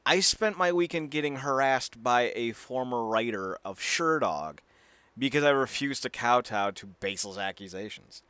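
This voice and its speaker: A man co-hosts a casual podcast and rants hotly, swearing as he goes. His voice is bright and edged, and his pitch jumps around a lot. The sound is close and dry, with no room echo. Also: animated, smooth. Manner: profane, ranting, heated; slips into quick comic impressions. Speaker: podcast co-host.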